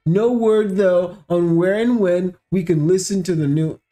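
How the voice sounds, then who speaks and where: A man's voice: high voice, measured pace, dark tone. Sarcastic man hosting a commentary show. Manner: mocking, sarcastic, mixes slang and asides. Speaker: show host.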